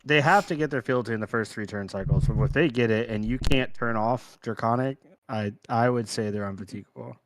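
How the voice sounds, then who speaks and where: A man's voice: mid-range voice, fairly quick, few pauses, noisy background. A man chatting casually about card game strategy in an analytical, matter-of-fact way.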